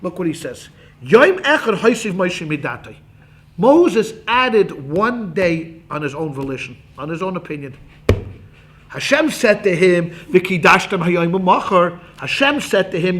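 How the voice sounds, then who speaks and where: A man teaching a Talmud class as a rabbi, animated and acting out quotes, quick asides to his students. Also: sits high.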